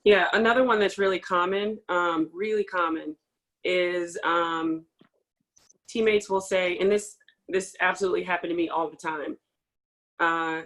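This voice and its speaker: Woman coach, casual and quick, loose filler-heavy talk on a video call. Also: on the low side, steady tone, fairly bright tone, poor audio. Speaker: field hockey coach. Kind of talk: panel discussion.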